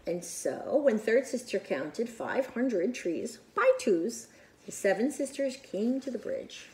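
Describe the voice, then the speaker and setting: A woman reading a picture book aloud to children in an expressive, animated way with whispered asides. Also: on the high side, a little slow. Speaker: children's storyteller.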